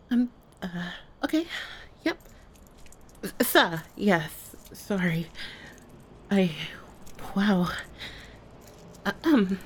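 A woman in a one-sided audio role-play speaks in an unhurried, drawn-out way, her pitch sitting in an ordinary middle range. She swears freely, slips into hushed whispers and stumbles over restarts when thrown off balance. A faint noise hangs under her voice. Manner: swears a lot, stammers and restarts when flustered; often drops to a hushed whisper.

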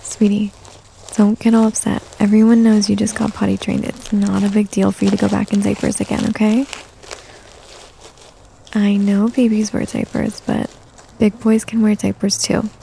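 A young adult woman performing a whispered role-play, talking softly and soothingly like a coaxing caretaker. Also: medium pitch, flat delivery, moderate pace, vocal fry, slight background noise. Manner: soothing, coaxing caretaker talk, mostly soft and close.

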